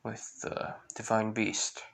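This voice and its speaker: A man's voice: fairly low pitch, monotone, takes it slowly, creaky, noisy background. A man retelling a fan story in a rambling way, full of fillers.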